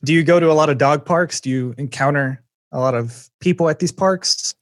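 A man's voice: fairly high pitch, fairly quick, no echo, clean studio sound. A man hosting a casual podcast chat, joking and often restarting his sentences. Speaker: podcast host.

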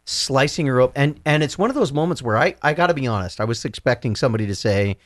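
A man co-hosting a casual book discussion podcast, laughing often as he retells scenes with animated energy. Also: medium pitch, fast talker, dry recording, studio quality. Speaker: podcast co-host.

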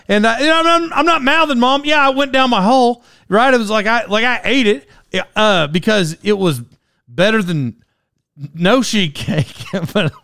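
A man's voice: high voice, fairly bright tone, dry recording, clean studio sound. A man in his forties hosting a podcast solo, rambling through a personal story with restarts and laughs at himself. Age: 40s. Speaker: podcast host.

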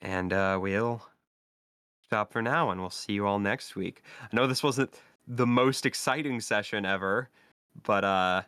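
Slow, low-voiced male game master. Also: bright, forceful tone, clear, resonant tone, no echo, studio quality. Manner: halting, filler-heavy narration. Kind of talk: narrating a tabletop game.

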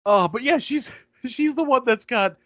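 Guy on a movie podcast going thru the plot, lively sing-songy voice, kinda dull dry sound. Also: very high-pitched, moderate pace, no echo. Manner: animated retelling, acts out lines, laughs often. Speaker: podcast co-host. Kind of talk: casual film recap chat.

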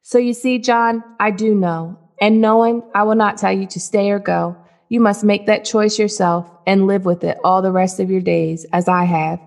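A woman reading the lines of an ancient, blind male scholar who is weary and grieving, in a slow, sorrowful way. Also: medium pitch, fairly even intonation, vocal fry, darkish tone, natural voice. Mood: solemn.

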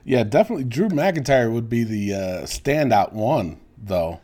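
A man's voice: mid-range voice, lively intonation, moderate pace, dark tone. A man co-hosting a podcast, rambling casually with many fillers and some swearing. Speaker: podcast co-host. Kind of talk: casual wrestling chat.

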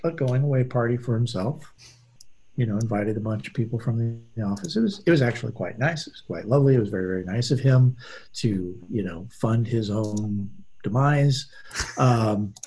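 A man co-hosts a casual podcast, telling rambling anecdotes and doing voices for the people in them. His mid-range voice is warm and moves at a normal speed, with a little hiss or hum in the audio.

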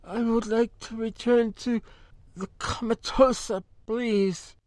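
A man's voice: extremely high pitch, steady tone, takes it slowly, darkish tone, no room sound, voice pushed up. A man voicing a frightened, battered young woman who speaks plaintively with a slurred lisp. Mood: pleading.

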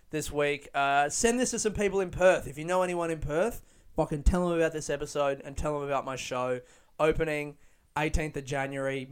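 Relaxed male podcaster, smooth clear voice, talking casually outdoors. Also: fairly high pitch. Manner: laid-back, rambling, laughing. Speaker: podcast host. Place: outdoors under a tree.

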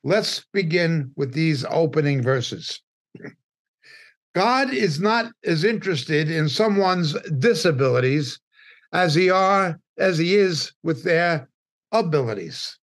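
Slow, deliberate New teacher. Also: male voice, fairly high pitch, lively intonation. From New York. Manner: deliberate, emphatic, pausing between phrases. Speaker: Bible teacher. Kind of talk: midweek Bible study teaching.

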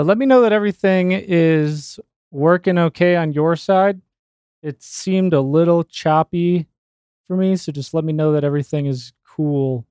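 A male host with a smooth, clear voice that sits a little high, recorded close and dry. He opens the stream relaxed, checking that viewers can hear him before greeting his guest. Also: no room sound. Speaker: show host. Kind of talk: casual live-stream hosting.

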